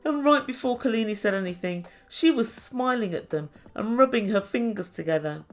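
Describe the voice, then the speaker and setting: A woman's voice: medium pitch, animated, normal speed, soft background music. A woman reviewing a reality show, chatty and wry with sarcastic asides. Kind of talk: casual recap commentary.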